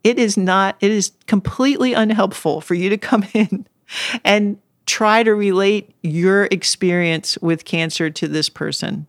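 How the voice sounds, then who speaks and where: A middle-aged woman speaks as a guest in a casual interview, earnest and reflective, sometimes laughing and at times getting choked up. Her mid-range voice moves at a measured pace, and the clean studio sound has no echo.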